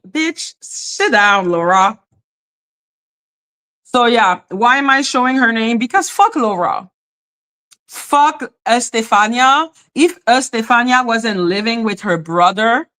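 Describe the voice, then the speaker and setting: A woman's voice: a little high, lively intonation, slow, sharp tone. A woman hosting a livestream, ranting in a blunt, profane and taunting way. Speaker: livestream host. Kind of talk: confrontational live-stream rant.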